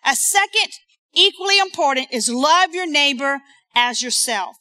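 A woman's voice: high voice, animated, a little slow, sharp tone. A woman preaching a sermon in church, talking with the congregation and asking them to repeat lines after her. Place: church sanctuary.

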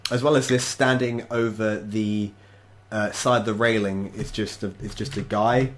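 A young man narrating as game master, halting with many fillers and laughing often. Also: on the low side, steady tone.

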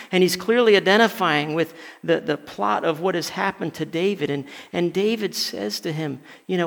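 A man's voice: a little high, vocal fry, fairly bright tone. A male pastor preaching a conversational sermon, telling stories and often stumbling over and repeating words. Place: church sanctuary. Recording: long hall reverb.

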